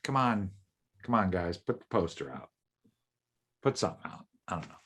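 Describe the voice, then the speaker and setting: A man co-hosting a podcast, talking casually and excitably, repeating himself and joking around. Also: low voice, moderate pace, husky. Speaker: podcast co-host.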